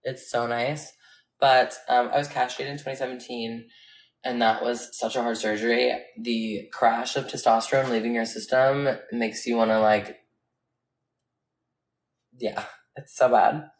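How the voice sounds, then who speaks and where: A woman's voice: a bass voice, flat delivery, measured pace. A woman chatting casually on a livestream, answering viewer comments in a candid, rambling way and laughing often, on a phone mic. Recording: echoey room.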